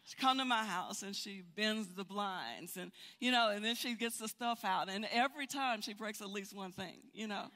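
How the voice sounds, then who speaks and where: An older woman teaching a Bible study, telling stories in an animated way and often repeating words. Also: medium pitch, normal speed, few pauses. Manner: animated, storytelling with frequent repeats. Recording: hall reverb.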